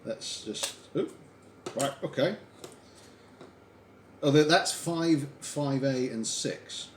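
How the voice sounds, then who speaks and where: A man's voice: medium pitch, slow pace. A man hosting a livestream, chatting casually and telling stories while crafting. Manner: lively, chatty storyteller. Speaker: livestream host. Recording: echoey room, faint background hiss.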